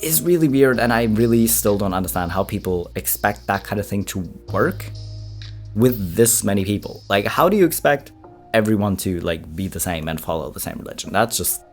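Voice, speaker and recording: Low-voiced man, rambling commentary. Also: animated, brisk, faint music behind. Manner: rambling, with many fillers. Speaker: reaction video host. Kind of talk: casual commentary.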